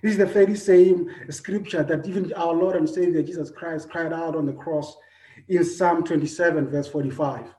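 A man, preaching a personal sermon, earnest, repeating his phrases, swinging between loud and soft. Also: a little high, fairly even intonation, normal speed. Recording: echoey room.

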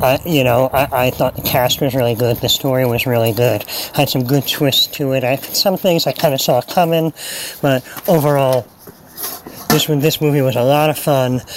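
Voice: medium pitch, slight background noise, poor audio. A person sending a recorded voice message to a podcast, hesitant with many ums and uhs.

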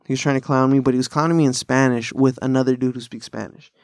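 A man rambles through stories on his podcast, swearing freely. His voice sits at a middle pitch. The sound is dry and close, with no room around it. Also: fairly even intonation, fast, no echo. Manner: profane, rambling bro-style storytelling with frequent laughs. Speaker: podcast host. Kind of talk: casual chat.

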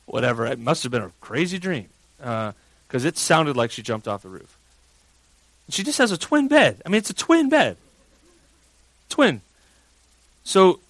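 A man in his thirties, a pastor preaching a sermon and telling a family story with big swings from hushed to loud. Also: medium pitch, no room sound, low-quality recording.

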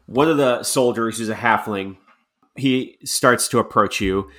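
A man narrating a tabletop game as game master, describing scenes in a relaxed, descriptive way. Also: medium pitch, a little slow.

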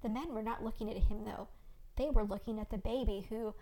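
A woman podcast host reading her own first-person story aloud as scripted narration, with expressive storytelling. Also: a little high, brisk.

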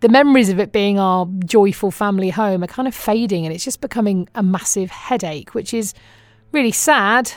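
A woman's voice: medium pitch, normal speed, no echo. Chatty British woman, dry close sound. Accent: British English. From England. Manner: wry and self-mocking, laughs often. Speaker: vlogger. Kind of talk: casual chatty monologue. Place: living in Phoenix, Arizona.

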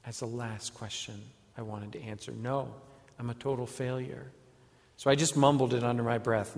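A man's voice: medium pitch, normal speed, vocal fry. Storytelling man in an echoey hall. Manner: storytelling, swinging between hushed and eager. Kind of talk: first-person dramatic monologue as an apostle. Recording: echoey hall with long reverb.

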